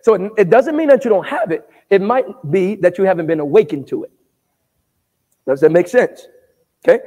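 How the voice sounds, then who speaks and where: A man with a notably high voice preaches a sermon in a church sanctuary, tossing questions out for the congregation to answer. He pushes up into shouted emphasis at times, and his words ring out with the long reverb of a large hall. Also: animated, normal speed. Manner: call-and-response preaching, asking the congregation to answer back. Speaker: pastor.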